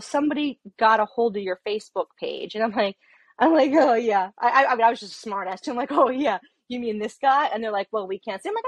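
This woman's voice is fairly high-pitched, recorded with no room sound. A police officer and mother of an underage daughter, she tells a profane, animated story, voicing both people in each exchange.

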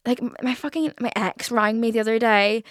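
A woman's voice: a little high, brisk, dry recording, studio quality. A young woman, hosting a casual podcast monologue, chatty, swearing and saying "like" constantly. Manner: chatty, swears, heavy filler "like". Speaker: podcast host.

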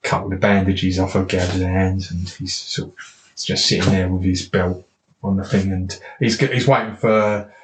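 A man's voice: low voice, little pitch movement, measured pace. A man with a South East English accent, a boxing trainer telling rambling anecdotes with restarts and quoted dialogue. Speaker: boxing trainer, podcast guest. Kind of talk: casual storytelling. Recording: roomy echo, faint noise.

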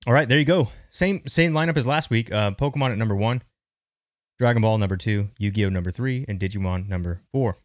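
Low-voiced chatty male podcast host. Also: a little fast, no echo, clean studio sound. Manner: chatty, thinking aloud with restarts. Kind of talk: casual market commentary.

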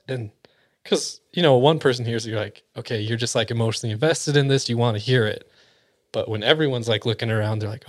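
Man, mid-pitched voice, casual spooky storytelling, hushed near-whisper at times, acts out voices. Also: steady tone, fast.

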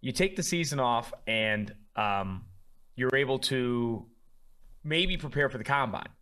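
Man, sports podcast co-host, casual chat, excitable, loose, mid-range voice. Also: medium pitch, unhurried, smooth.

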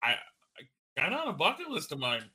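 A man's voice: a little high, wildly swooping pitch, quick pace, crowd noise. A man co-hosting a casual interview chat, firing off curious questions.

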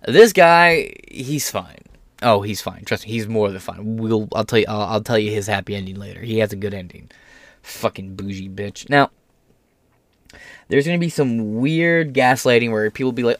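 A man's voice: mid-range voice, normal speed, dry recording, studio quality. A man giving casual, profane political commentary, sarcastic and mocking, often slipping into put-on voices to mimic others.

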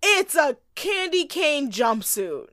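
Snarky chatty woman, pitch all over the place, high-ish. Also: takes it slowly, no room sound, studio quality. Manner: animated, snarky, laughs often. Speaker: podcast co-host recapping a movie. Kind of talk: casual chat.

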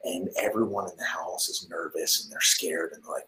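A man talking into a desk mic in his home office, live streaming a rambling, boastful monologue that swings between loud swearing and hushed whispers. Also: low voice, steady tone, fairly quick, low-quality recording.

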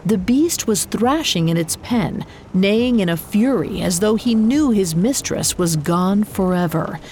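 A woman narrates a scripted story at an unhurried pace with a measured, dramatic delivery. Her voice sits at an ordinary middle pitch. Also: animated, a little mellow, slight background noise. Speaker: podcast narrator.

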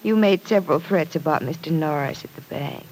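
A caring young woman in an old radio drama, gently coaxing and earnest. Her voice is soft and breathy, with an anxious patience. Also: low-pitched, a little fast, low-quality recording. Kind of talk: 1940s radio acting.

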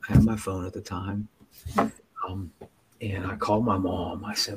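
A man telling his own recovery story as a podcast guest, earnest and halting, with many restarts and dips to near whispers. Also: low-pitched, little pitch movement, background noise. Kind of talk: personal storytelling in an interview.

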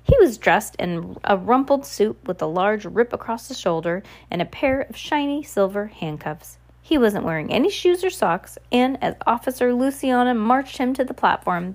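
A woman's voice: medium pitch, animated, moderate pace. Woman reading a novel aloud, with slips. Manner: stumbles and corrects herself. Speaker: audiobook reader.

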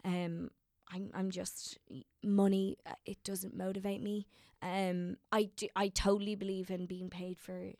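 Gravelly-voiced chatty young woman actor. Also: mid-range voice, flat delivery, a little slow, few pauses, a little mellow, dry recording, studio quality. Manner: emotional, rambling, many fillers and restarts. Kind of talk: casual interview chat.

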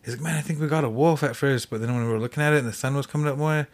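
A man as a podcast guest, telling a hunting story in a rambling way, full of "like" fillers. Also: medium pitch. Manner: fast rambling with many "like" fillers. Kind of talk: casual storytelling.

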